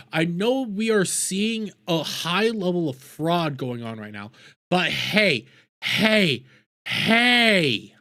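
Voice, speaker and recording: A man's voice: on the high side, fairly bright tone. A man giving profane, combative reaction commentary, ranting back at news clips he plays. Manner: combative, ranting, heavy swearing.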